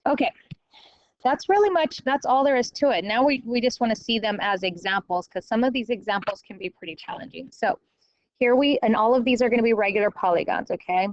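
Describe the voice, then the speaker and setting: A woman teacher explaining a math lesson step by step, often pausing to check with "okay?". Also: on the high side, no room sound, muffled recording. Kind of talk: recorded classroom lecture.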